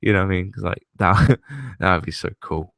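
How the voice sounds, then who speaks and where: Rambling young man, low voice. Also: brisk, creaky, a bit bright, no room sound. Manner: rambling, swears casually, laughs often. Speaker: host. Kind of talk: casual rambling chat.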